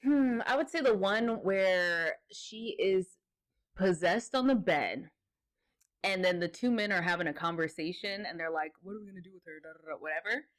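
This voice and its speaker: A woman co-hosts a podcast, casually chatting about a movie in a lowish voice at normal speed. She laughs often and imitates characters while retelling scenes.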